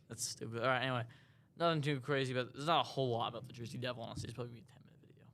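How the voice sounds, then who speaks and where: A man's voice: medium pitch, fairly even intonation, fairly bright tone. A young man co-hosting a casual podcast, goofy and joking, cutting in often. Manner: goofy, joking, quick interruptions. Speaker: podcast co-host. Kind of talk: casual chat.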